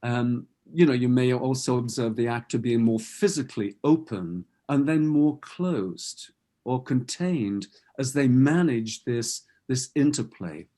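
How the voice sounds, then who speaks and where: A man's voice: mid-range voice, unhurried, mellow. A middle-aged man speaking as a voice coach at an online meeting, explaining with demonstrated phrases and many restarts. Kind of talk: webinar talk.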